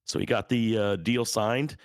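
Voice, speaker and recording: A man co-hosts a casual podcast and tells anecdotes at an easy pace. His voice is low with a gravelly fry. The recording is dry and close. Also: normal speed, no room sound. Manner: anecdotal, relaxed storyteller.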